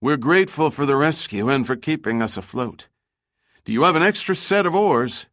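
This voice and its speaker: A man's voice: a little high, lively intonation, normal speed, a bit bright, no echo, studio quality, pitched above the performer's own voice. A man doing a weary rescued sailor calling out. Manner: raised, calling voice. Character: rescued male seaman, weary but brave, shouting across water.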